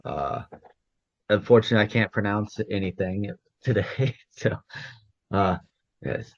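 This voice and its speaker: A man co-hosting a podcast who introduces a band in casual chat, speaking in a relaxed, halting way. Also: lowish voice, muffled recording. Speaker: podcast co-host presenting bands.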